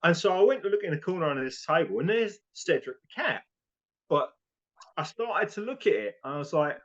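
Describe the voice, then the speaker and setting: A man tells a funny anecdote in a casual, animated way. His voice is a little higher than usual and rises and falls a lot. The recording sounds muffled and lo-fi. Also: a little fast. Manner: animated anecdote with acted-out quotes. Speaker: family member telling a story. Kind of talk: casual storytelling. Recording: dull lo-fi recording.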